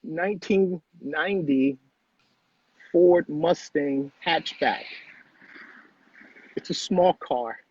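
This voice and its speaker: A man's voice: a little high, extremely slow, long pauses, a little mellow, slightly rough, no room sound, lo-fi sound. A middle-aged man telling a personal story as a guest in a conversation, earnest and repeating phrases for emphasis.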